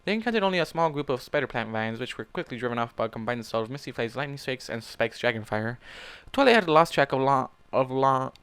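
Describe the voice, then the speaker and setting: A man's voice: medium pitch, animated, fast talker, hardly any pauses, fairly bright tone, smooth, dry recording. A man reading fan fiction aloud in a casual way, stopping to react and swear at the story. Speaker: fanfic reader.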